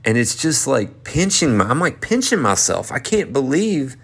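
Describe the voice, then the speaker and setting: A man in his thirties from North Carolina with a Southern accent, excitedly telling a rambling story. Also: mid-range voice, normal speed, vocal fry, breathy edge. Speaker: performer and vlogger. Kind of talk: casual storytelling recap.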